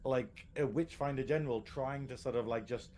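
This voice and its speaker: A man's voice: mid-range voice, moderate pace, warm tone, a little hiss or hum. A man co-hosting a casual live podcast, rambling and restarting his sentences, laughing often. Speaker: podcast co-host.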